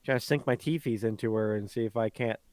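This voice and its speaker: A man's voice: lowish voice, quick pace, darkish tone, no room sound. A man playing a tabletop game, giggly and hesitant, with many fillers. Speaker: player. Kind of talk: casual tabletop play.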